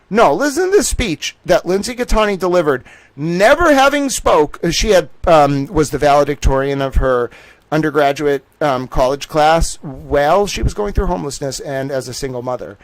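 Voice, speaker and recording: A man telling a story on his stream in a profane, animated way, acting out the voices of the people in it. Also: a little high, moderate pace, no room sound, low-quality recording. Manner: animated, swearing, acts out quoted voices. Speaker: streamer host. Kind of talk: profane casual storytelling monologue.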